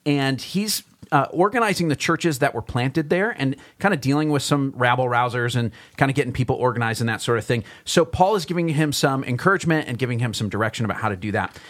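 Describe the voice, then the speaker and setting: A man's voice: mid-range voice, fast, hardly any pauses, fairly bright tone. A man pastor hosting a Bible podcast, chatting casually, laughing easily and adding self-conscious asides while he explains the passage. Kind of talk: casual chat and Bible teaching.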